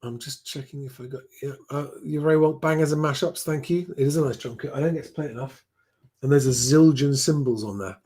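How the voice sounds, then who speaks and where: A man streams live from home, answering viewer comments in a chatty, rambling way and often restarting his sentences. His medium-pitched voice is husky and dark-toned, and he talks at a quick pace.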